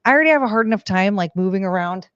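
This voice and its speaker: A woman's voice: mid-range voice, expressive, racing, fairly bright tone, no room sound, dull audio. A woman streaming from home into a desk mic, chatting casually and rambling with lots of "like" and "um". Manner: rambling, heavy use of "like" and "um". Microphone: desk microphone.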